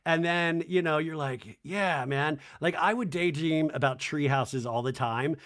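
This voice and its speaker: A man hosting a podcast, giving a casual, comedic TV recap in a rambling, animated way with lots of "like". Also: on the high side, moderate pace. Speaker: podcast host.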